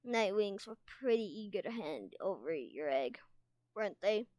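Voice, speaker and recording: A woman reading aloud, voicing a sharp-tongued young female dragon who snaps and mutters sarcastically. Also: mid-range voice, sing-song, unhurried, dry recording, studio quality. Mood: sarcastic. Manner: snappish, sarcastic.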